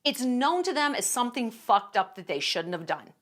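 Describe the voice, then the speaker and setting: A woman's voice: a little high, big pitch swings, moderate pace, fairly bright tone. A woman giving casual opinion commentary in a blunt, profane and emphatic way, sarcastic and indignant. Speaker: commentary vlogger.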